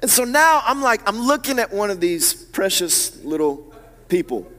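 Pastor, male, high voice, animated sermon delivery with hushed-to-loud swings. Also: moderate pace, in a large hall.

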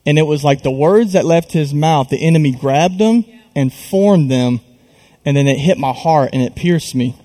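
An earnest young man, pitched a little high, recounts a personal story on a live stream. He talks haltingly, circling back with restarts and fillers as he works through it. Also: dark tone.

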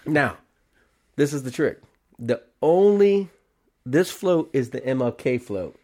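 A man's voice: mid-range voice, unhurried, slightly rough. A young adult man, a barbershop podcast host, tells a rowdy story in casual chat, swearing freely and acting out the other people's lines. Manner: animated, profane, acts out quoted voices. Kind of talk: casual storytelling among friends.

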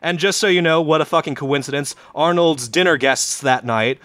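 A man casually telling a comic story on a podcast, acting out the people in it with loud, high put-on voices. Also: moderate pace, no echo.

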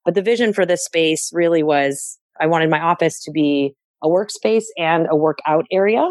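Guest woman, low-pitched, candid and self-deprecating, dry close recording. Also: moderate pace, darkish tone, no room sound. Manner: candid, reflective, laughs at herself. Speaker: interviewee, organizing client. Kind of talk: casual podcast interview.

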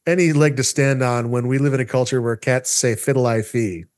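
A man hosting a casual podcast chat, brisk and wry as he moves the talk along. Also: mid-range voice, a little mellow.

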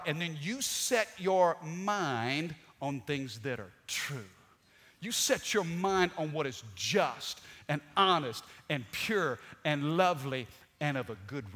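A man preaching a sermon with dynamic delivery, swinging from loud to soft. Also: fairly high pitch. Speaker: pastor. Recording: long hall reverb.

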